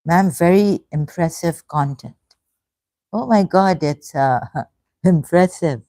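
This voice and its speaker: A woman in her fifties hosting a casual livestream, halting and hesitant, full of restarts and effusive thanks. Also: lowish voice, mellow, no room sound. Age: 50s. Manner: emotional, effusively grateful. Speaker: livestream host. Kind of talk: casual livestream chat reading comments.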